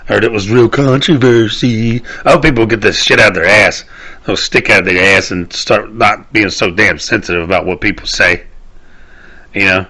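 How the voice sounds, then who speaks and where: Guy in his 30s ranting on his show, lowish voice but bright and edgy, cusses a lot, keeps losing his train of thought. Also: normal speed. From Southern United States. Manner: rambling, profane, trails off and restarts often. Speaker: podcast host. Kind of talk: casual solo rant.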